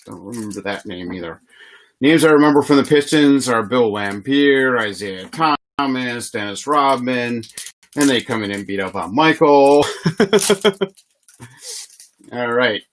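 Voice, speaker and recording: A man's voice: mid-range voice, a little slow, pauses often. A man hosting a live trading card box break, reading player names in a chatty, easygoing way and laughing often.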